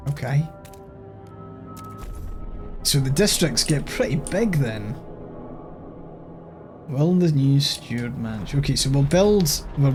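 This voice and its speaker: A man with a Scottish accent talks through a strategy game at an unhurried pace, his voice sitting a little high for a man. He thinks aloud, drops casual swears and reads bits of text off the screen. Soft music runs underneath. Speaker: gaming channel host. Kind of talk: casual let's-play commentary.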